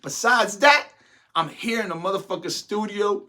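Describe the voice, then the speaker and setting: A brash man rants in casual, profane commentary, loud and full of swagger. His voice is bright and forceful and sits fairly high for a man. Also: moderate pace. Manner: loud, brash, swearing, laughing often. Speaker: podcast host.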